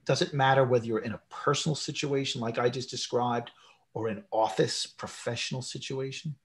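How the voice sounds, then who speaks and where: Animated male podcast host telling stories. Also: a little fast. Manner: animated storyteller, pitch jumps when acting out his own thoughts. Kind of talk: conversational interview, personal storytelling.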